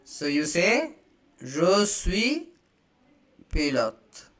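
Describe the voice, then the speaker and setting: A man teaching a beginner lesson, slowly saying each phrase twice and explaining it in English. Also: high voice, wildly swooping pitch, fairly bright tone. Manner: slow, repeats each phrase, spells out examples. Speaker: French teacher. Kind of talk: slow beginner language lesson.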